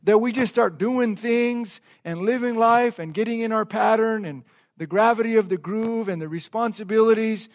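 A man preaching a sermon as pastor, calling on the congregation to repeat phrases and drawing out key words slowly for emphasis. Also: sits high. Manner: call-and-response, asks the congregation to repeat phrases. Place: church service before a congregation.

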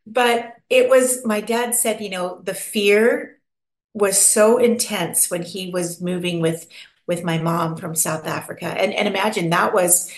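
A woman guest in a relaxed interview, her voice ringing in a noticeably roomy, echoey space. She tells her stories with lively energy, slipping into quoted voices and breaking into laughter, at a middling pitch for a woman. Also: unhurried. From North America. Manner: animated storyteller who acts out quotes and laughs often. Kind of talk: casual interview chat. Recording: echoey room.

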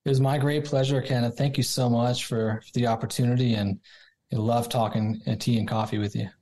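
A man's voice: medium pitch, flat delivery, fairly quick, mellow, rough recording. A man interviewed as a guest, explaining things in a friendly way with many fillers. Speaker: guest, tea company president. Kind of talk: interview answers.

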